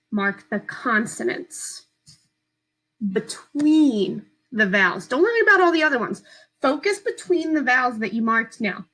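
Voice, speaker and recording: A woman teacher giving a slow, patient, step-by-step phonics lesson to young children from home. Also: a little high, sharp tone, rough recording.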